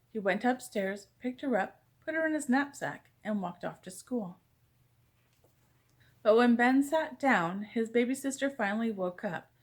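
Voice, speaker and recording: A woman reading a children's picture book aloud, gentle and expressive in bedtime style. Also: fairly high pitch. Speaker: storyteller.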